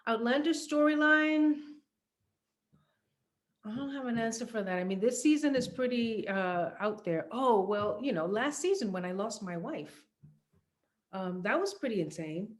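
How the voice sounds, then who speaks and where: A woman's voice: medium pitch, lively intonation, normal speed, darkish tone. A middle-aged woman answering interview questions about her acting work, talking casually with many fillers and restarts, and laughing easily. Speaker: actress being interviewed.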